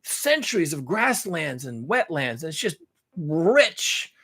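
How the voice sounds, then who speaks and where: A man's voice: fairly high pitch, big pitch swings, takes it slowly, pushed and bright, husky. A man talking in a rambling, blunt monologue, listing things at length and repeating himself. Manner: blunt, swears now and then. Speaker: vlogger.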